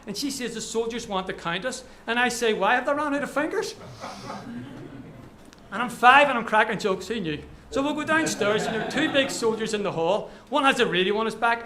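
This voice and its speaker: A man's voice: sits high, bright, forceful tone, a little hiss or hum. A man reading his own short story aloud at a live event, telling it vividly in the present tense. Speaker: author.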